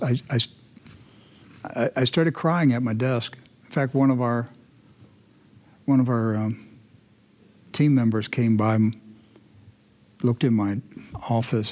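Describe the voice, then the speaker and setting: A man hosting a commentary show, talking indignantly and moving between heated outbursts and hushed, emotional passages. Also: mid-range voice. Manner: indignant, swings from loud ranting to hushed emotional. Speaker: host.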